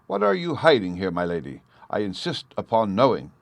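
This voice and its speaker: A man's voice: lowish voice, huge pitch swings, fairly quick, vocal fry, dry recording, exaggerated voice. A man reading an audiobook, voicing a testy, scornful husband who snaps and sneers. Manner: snappish and scornful.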